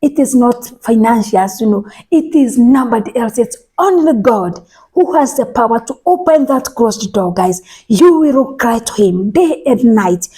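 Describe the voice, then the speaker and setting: A woman preaching a sermon, speaking emphatically, repeating phrases and restarting words, and sometimes dropping to a soft whisper. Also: sits high, husky.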